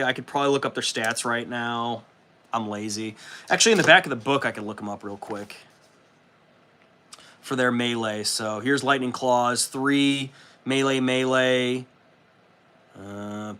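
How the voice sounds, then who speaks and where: A man hosting a casual livestream, loose and profane, excitable and chatting with his viewers as he works. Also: mid-range voice. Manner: loose, profane and excitable, reads chat aloud. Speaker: livestream host. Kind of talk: casual livestream chat while building models.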